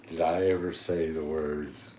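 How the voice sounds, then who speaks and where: Very deep-voiced Southern man, echoey. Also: flat delivery, unhurried, mellow. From Florida. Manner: laid-back, dry joking. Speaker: podcast co-host. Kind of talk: casual chat.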